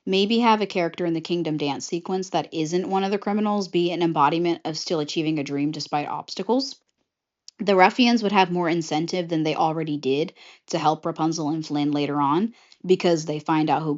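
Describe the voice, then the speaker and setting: A woman casually pitching a film idea scene by scene, lively and slipping into quick character bits. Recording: slightly muffled lo-fi audio.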